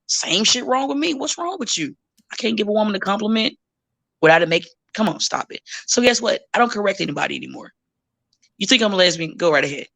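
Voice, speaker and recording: A woman's voice: mid-range voice, animated, a little fast, creaky, a bit bright. A woman wrestler as a podcast guest, talking bluntly and profanely in casual chat and acting out the people she quotes.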